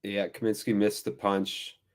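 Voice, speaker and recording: A man's voice: fairly low pitch, monotone, unhurried. A man hosting a live football watchalong, giving wry, self-deprecating commentary on the match. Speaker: watchalong host.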